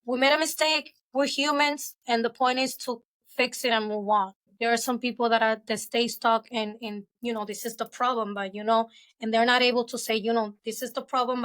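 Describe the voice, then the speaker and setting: A woman's voice: fairly high pitch, level tone, a little fast, a bit bright. A woman speaking as a podcast guest, talking candidly and reflectively with lots of "you know" fillers. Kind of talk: casual interview chat.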